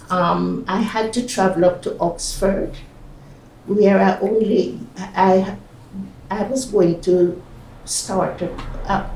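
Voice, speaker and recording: Older Jamaican woman, gravelly and hesitant. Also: medium pitch, mellow, a little hiss or hum. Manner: hesitant, with fillers and restarts. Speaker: oral history interviewee. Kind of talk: oral history recollection. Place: community centre room. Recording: echoey room, mic at a distance.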